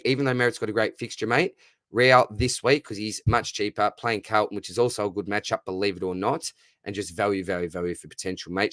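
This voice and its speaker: Upbeat and matey, a young Australian fantasy football livestreamer reads out viewer questions and answers them in a laid-back live Q&A. His medium-pitched voice comes through with studio quality and no echo.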